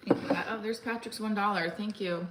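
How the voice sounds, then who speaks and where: A comedian in her forties hosts a casual livestream from a room at home, rambling with plenty of fillers and restarts. Her mid-range voice is fairly quick with fairly even intonation, and the room sounds echoey with faint ambient noise.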